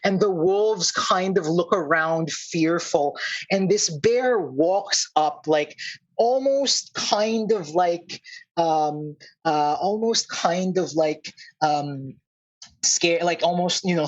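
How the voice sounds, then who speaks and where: A man with an Australian accent narrating a tabletop game as game master, halting and full of fillers. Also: high voice, lo-fi sound.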